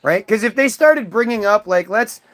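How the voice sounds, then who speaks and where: Streamer, male, high voice; combative, taunting rant at his chat. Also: lively intonation, moderate pace, fairly bright tone. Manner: mocking, confrontational, profane. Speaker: livestream host. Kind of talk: ranting at commenters.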